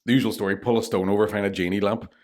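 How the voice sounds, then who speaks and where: A man's voice: lowish voice, fairly even intonation, racing. A man with a Northern Irish accent telling a long, sweary joke as a podcast guest. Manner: sweary, rambling storytelling. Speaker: comedian guest.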